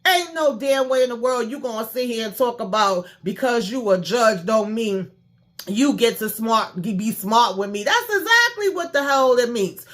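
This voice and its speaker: A woman's voice: fairly high pitch, animated, moderate pace, a bit bright. A woman recapping a reality show for her channel in a blunt, exasperated, profane rant, talking straight to her viewers. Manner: addresses viewers directly. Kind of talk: casual review and recap rant.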